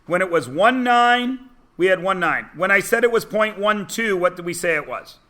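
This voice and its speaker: A man teaching a math class in a classroom, chatty and teasing, often checking in with quick questions. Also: sits high, expressive, bright, forceful tone. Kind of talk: classroom lesson.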